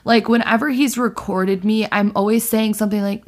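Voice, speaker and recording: A woman hosting a podcast, telling stories in a chatty, animated way full of "like" fillers. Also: medium pitch, moderate pace. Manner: chatty storyteller, lots of "like" fillers, animated retelling. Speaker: podcast host. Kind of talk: casual chat.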